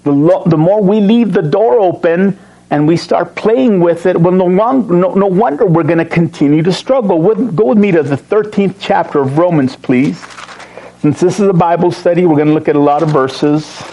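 A man teaching a Bible study, reading verses slowly and stressing key words, with joking asides to his class. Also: sits high, warm tone, rough recording. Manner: emphatic, slows to read verses, joking asides.

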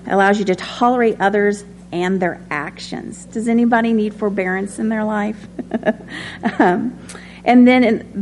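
A woman at medium pitch gives a conversational sermon as a Bible study teacher, with a little background noise in the recording. Her tone is personal, dotted with lots of ums and light laughter.

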